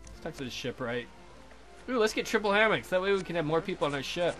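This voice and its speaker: Bright-voiced joking young man gaming. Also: sits high, animated, quick pace, faint music behind. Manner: joking, crude and playful asides. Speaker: let's play gamer. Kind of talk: casual gameplay commentary.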